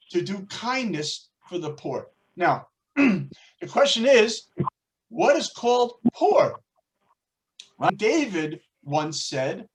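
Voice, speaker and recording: A man teaching a religious class, telling stories and explaining words in a deliberate, explanatory way. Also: high voice, expressive, low-quality recording. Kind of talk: storytelling religious lesson.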